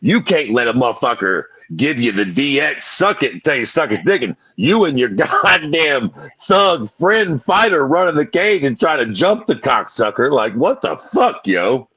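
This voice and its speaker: A man co-hosting a podcast, ranting in animated, profane, slang-heavy casual chat. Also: medium pitch, normal speed, husky, no echo, lo-fi sound. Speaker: podcast co-host.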